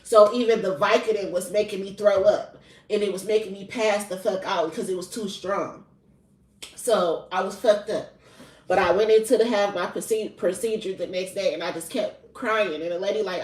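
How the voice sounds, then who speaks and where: A woman's voice: mid-range voice, steady tone, moderate pace, a little mellow. A young adult woman, a spiritual reader, telling a personal story in a candid, heavily profane, casual confessional way. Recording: roomy echo, mic at a distance.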